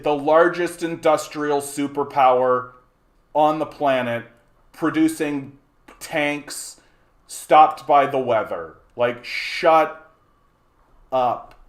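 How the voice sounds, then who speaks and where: A man from Canada hosting a livestream, ranting angrily at his chat, mocking and swearing, often repeating and stumbling over words. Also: mid-range voice. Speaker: livestream host. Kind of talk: angry rant to a live chat.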